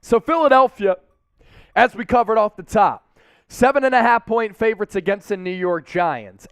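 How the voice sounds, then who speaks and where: A young man hosting a live sports watch party stream from a studio, energetic and hyping up viewers with shout-outs. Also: sits high, dry recording. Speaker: sports show host.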